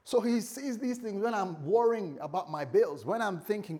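Animated male pastor preaching a sermon. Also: sits high, normal speed, hardly any pauses. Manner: animated, teasing the congregation. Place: church.

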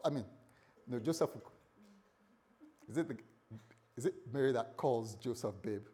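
A man's voice: sing-song, moderate pace, long pauses, a little mellow. A man preaching a morning sermon in a conversational way, joking with the congregation and acting out the story's dialogue. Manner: conversational, playful asides to the congregation; acts out dialogue with shifting pitch and volume.

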